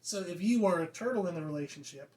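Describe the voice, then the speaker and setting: A woman's voice: on the low side, expressive, fast talker, a little mellow. A woman co-hosting a podcast, talking reflectively and explaining her points with examples. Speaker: podcast co-host. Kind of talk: casual chat.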